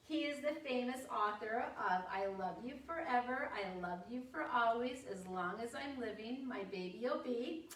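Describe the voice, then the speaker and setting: A woman's voice: fairly high pitch, a bit bright. An older woman giving an informal talk to parents about reading stories aloud, chatty and acting out short voiced examples. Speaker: parenting workshop presenter. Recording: echoey room, voice from a distance.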